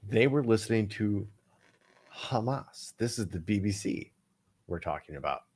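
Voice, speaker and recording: A man's voice: on the low side, animated, moderate pace, darkish tone, husky. A man co-hosting a casual podcast chat, digressive and profane, often laughing. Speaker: co-host.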